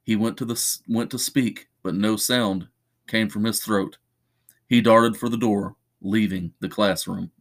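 A man reading a horror short story aloud as a podcast narrator, in measured, steady storytelling. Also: lowish voice.

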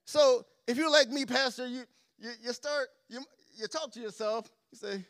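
High-voiced man preaching with passion. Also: a little fast, dry recording, clean studio sound. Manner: impassioned preaching, repeats phrases, swings between soft and loud. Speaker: pastor. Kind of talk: sermon. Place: church sanctuary.

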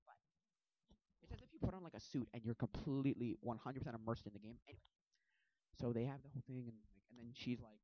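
A man rambling through a casual movie recap at his computer, full of fillers and animated asides. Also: medium pitch, fast, no room sound. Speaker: movie vlogger. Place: home desk at a computer. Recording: dull lo-fi audio, dry.

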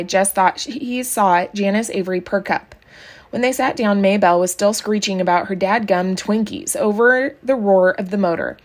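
A woman reading a children's novel aloud in a calm, even storybook narration. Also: medium pitch. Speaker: audiobook reader.

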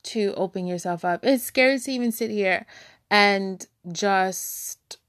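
A woman sharing her feelings in a candid personal monologue, halting and searching for words, becoming emotional. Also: mid-range voice, fairly bright tone, no room sound, studio quality. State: tearful, emotional.

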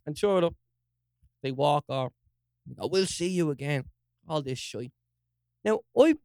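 Animated young Dublin man telling a story. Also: a little high, no room sound, clean studio sound. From Ireland. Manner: animated, swearing, acts out quotes in raised voice. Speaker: podcast co-host. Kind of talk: casual storytelling chat.

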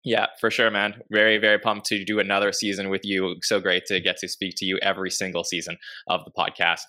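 A man's voice: low-pitched, flat delivery, fairly quick, sharp tone. A man hosting a podcast, introducing each guest in an upbeat, casual way. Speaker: podcast host.

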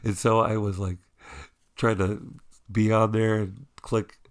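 A man's voice: lowish voice, little pitch movement, a little slow. A man co-hosting a casual podcast, telling a rambling story and laughing often as he talks. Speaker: podcast co-host. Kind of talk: casual chat.

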